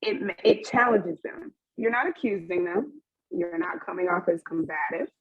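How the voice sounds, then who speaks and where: A young woman speaks candidly on a webinar panel, her voice husky and breathy. The sound is dry and narrow like a phone line, recorded over a video call. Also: fairly low pitch, expressive, normal speed, no room sound. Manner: open and emotional, with frequent laughs and fillers.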